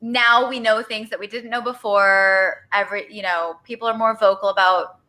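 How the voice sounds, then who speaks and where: A woman's voice: medium pitch, steady tone, normal speed, pushed and bright. A woman co-hosting a casual podcast, chatting in a reflective way with many fillers. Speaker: podcast co-host. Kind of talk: casual chat.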